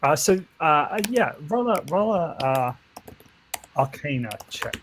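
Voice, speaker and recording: A man runs a tabletop game, slightly high-pitched and hesitant, full of restarts. A faint hiss sits under his voice. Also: very animated, unhurried, fairly bright tone, rough recording. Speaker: game master.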